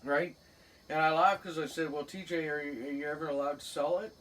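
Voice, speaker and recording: A man's voice: fairly high pitch, steady tone, fairly quick. A man with a Cape Breton accent telling a rambling funny story in casual chat, laughing often. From Cape Breton, Canada. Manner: rambling, laughs often, acts out quoted voices loudly. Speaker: podcast host. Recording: distant mic with faint room noise.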